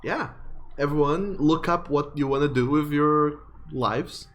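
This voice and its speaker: A man narrating as game master of a tabletop role-playing game, relaxed and full of fillers. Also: on the high side, unhurried, slight background noise.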